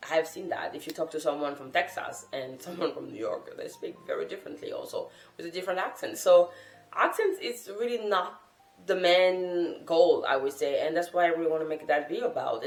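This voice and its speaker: A native French speaker from France, this woman vlogs about language learning, talking casually to the camera in an earnest, thoughtful, encouraging way. Her voice is deep and a little mellow at a normal speed, with soft music behind her and a roomy echo.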